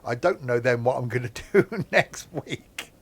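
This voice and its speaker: A man's voice: medium pitch, expressive, unhurried, creaky, husky. A man chatting casually while streaming a train simulator, rambling off into asides. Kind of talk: casual gameplay commentary.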